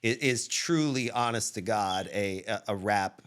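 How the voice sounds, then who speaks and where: A man guest from Texas telling stories in a casual interview, animated, acting out quoted dialogue with shifting voice. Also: fairly low pitch, unhurried, smooth. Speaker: guest entrepreneur.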